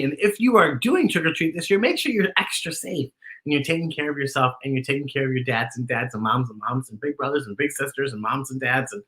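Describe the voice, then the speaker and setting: A woman hosting a children's storytime show, reading a picture book aloud in an animated, sing-song way and talking to the kids at home. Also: low voice, reverberant.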